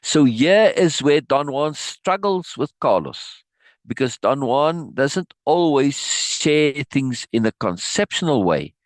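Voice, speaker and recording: A man hosting a live reading of a book, breaking off for animated, laughing asides with halting restarts. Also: mid-range voice, no room sound. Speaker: host reading a book aloud. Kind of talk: live-stream reading with commentary.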